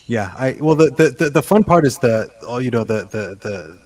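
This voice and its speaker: A man in his fifties hosts a loose podcast chat. His voice sits at an ordinary middle pitch, and he often stops and restarts his sentences as he talks. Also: animated, a little mellow. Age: 50s. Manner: halting, with frequent restarts and fillers. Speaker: podcast host and author. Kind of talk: casual chat.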